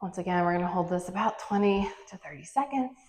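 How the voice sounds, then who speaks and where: A woman's voice: on the low side, quick pace, a little mellow, roomy sound. A woman fitness instructor leading a workout, counting reps aloud and encouraging, a bit out of breath as she moves.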